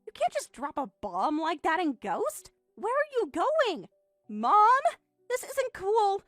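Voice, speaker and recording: A woman's voice: sits high, a bit bright, no echo, exaggerated voice. Synthetic female voice as a bratty teen daughter. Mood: panicked. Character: bratty teenage daughter, dismissive and defensive. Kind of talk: text-message story narration.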